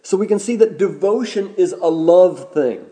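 A man preaching a sermon as a pastor, measured and deliberate, slowing down to stress key words. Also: high-pitched, expressive, dark tone.

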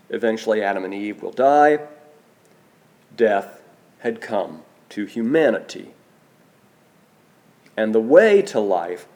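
A man preaching a sermon, slow and deliberate, letting his voice drop soft on key phrases. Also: on the low side. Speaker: pastor.

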